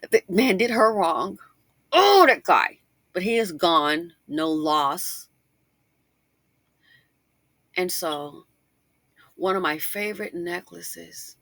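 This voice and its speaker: Middle-aged lady doing a chatty commentary, bright voice, totally dry mic. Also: sits low, no room sound. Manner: chatty and animated, with repeated asides and emphatic rhetorical questions. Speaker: commentary channel host. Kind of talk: casual commentary monologue.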